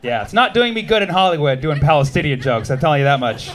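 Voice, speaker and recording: A man's voice: fairly high pitch, lively intonation, fast. A man in his thirties doing stand-up comedy on a club stage, teasing the crowd with a punchy, wry delivery. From United States.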